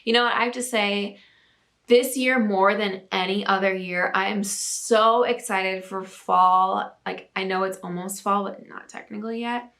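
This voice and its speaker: A woman's voice: medium pitch, fairly even intonation, unhurried, fairly bright tone. A young woman hosting a casual talk segment, bubbly and chatty with lots of filler words. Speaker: host reading viewer submissions. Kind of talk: casual chat and reading aloud.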